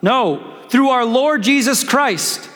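A man, a pastor, preaching a sermon in an animated, joking way and calling on the congregation to respond. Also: extremely high pitch, takes it slowly, long reverb tail.

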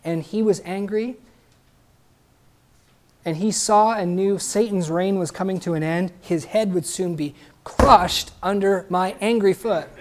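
A man's voice: high-pitched, measured pace, a little hiss or hum. A man preaching a sermon emphatically, asking the congregation questions and adding joking asides.

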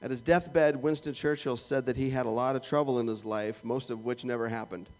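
A man's voice: mid-range voice, fairly even intonation, brisk, a little mellow. A man with a Canadian accent preaching a sermon in a conversational, joking way, acting out little prayers and asides. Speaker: pastor.

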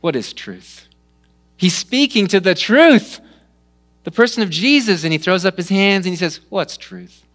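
A man preaching a sermon, retelling stories with lively rises and hushed drops. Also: high voice, normal speed. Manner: animated storytelling, dropping to hushed tones. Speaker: pastor.

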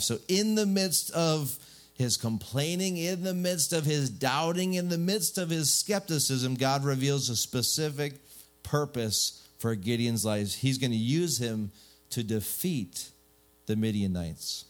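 A man delivers a sermon with casual humor and frequent rhetorical questions to his listeners. His pitch sits at an ordinary middle level for a man. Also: a little slow, faint music behind. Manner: lively, joking, rhetorical questions. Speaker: pastor.

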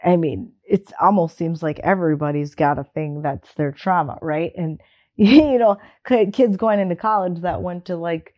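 A woman's voice: lowish voice, normal speed, a little mellow. A woman speaking bluntly and emphatically in candid conversation, swearing casually and laughing often. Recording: dull lo-fi recording.

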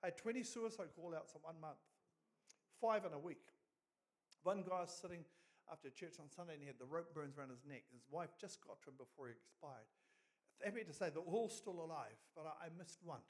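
A middle-aged New Zealand man preaching with a fairly high voice and lots of swing between loud, emphatic peaks and hushed storytelling. He tells his stories in a loose, conversational way. His talk keeps building toward forceful punchlines. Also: brisk. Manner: animated, rising to loud emphatic peaks and dropping quiet for stories. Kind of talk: sermon storytelling.

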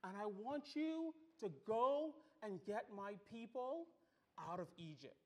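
A man preaching voices God as a calm, commanding male deity, speaking low and solemn. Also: takes it slowly. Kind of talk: sermon, acted quote.

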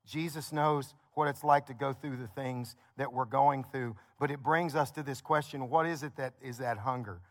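A man's voice: medium pitch, moderate pace, hardly any pauses. A male pastor preaching a sermon in a conversational, story-telling way, building points with repeated phrases.

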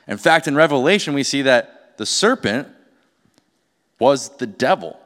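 A man's voice: mid-range voice, animated, unhurried, a bit bright. A male pastor preaching a sermon in a conversational way, often asking the audience rhetorical questions. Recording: long hall reverb.

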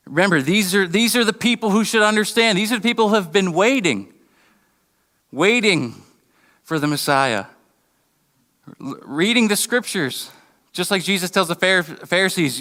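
A man's voice: sits high, expressive, normal speed, pauses often, pushed and bright. A man preaching a sermon in a conversational, storytelling way, often restarting his sentences. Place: church hall. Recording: long reverb of a hall.

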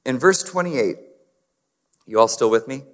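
A man's voice: mid-range voice, animated, measured pace. A man preaching a conversational sermon, talking straight to the congregation and asking them to respond. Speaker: pastor. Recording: long hall reverb.

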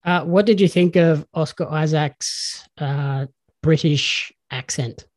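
Speaking slowly in a slightly high, somewhat mellow voice, an Australian-accented man hosts a podcast. He chats casually and tells stories enthusiastically.

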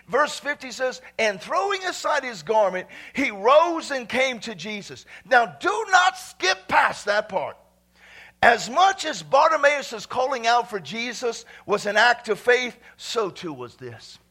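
A man preaching a sermon, swinging from loud shouts to hushed whispers and calling on the congregation to repeat after him. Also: very high voice, sing-song, normal speed.

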